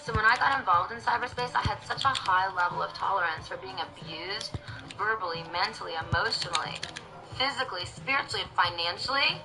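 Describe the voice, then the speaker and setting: A woman's voice: medium pitch, fairly quick, music in the background, low-quality recording. A woman livestreaming, going on a dramatic, scattered rant as she talks to her viewers.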